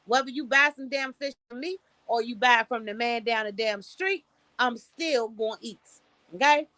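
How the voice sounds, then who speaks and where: Blunt, bright-voiced woman streamer. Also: a little high, moderate pace, dry recording. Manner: blunt, profane, preachy advice with storytelling. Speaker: livestream host. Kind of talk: casual livestream talk. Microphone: streaming setup, close mic.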